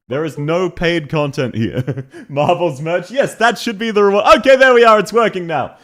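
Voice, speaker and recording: A man chats casually on a live stream, greeting viewers by name and laughing often. His voice sits high and fairly bright, is still a little rough at the start, and moves at a moderate pace.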